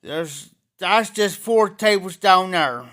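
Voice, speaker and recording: A man with a drawl chats on a casual livestream, unhurried and rambling. His voice sits fairly high, with a bright, clean tone. He stops now and then to greet viewers by name. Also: expressive. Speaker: pipe-smoking livestream host. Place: auction house, former bar room.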